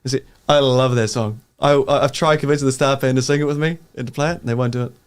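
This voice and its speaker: A man's voice: medium pitch, fairly even intonation, fast, clear, resonant tone. Jokey male chat-show host. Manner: chatty, jokey. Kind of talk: casual chat.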